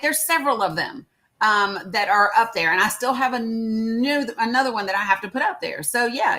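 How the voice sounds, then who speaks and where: Woman hosting a live stream, kinda high voice, chatty, greets folks in chat by name. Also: sharp tone. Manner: chatty, addresses viewers by name, many fillers. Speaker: livestream host.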